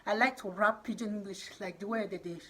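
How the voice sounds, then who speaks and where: Husky-voiced woman, emphatic and exhorting. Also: medium pitch, fairly even intonation, fairly quick, bright, forceful tone. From Nigeria. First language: Edo. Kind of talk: impassioned monologue.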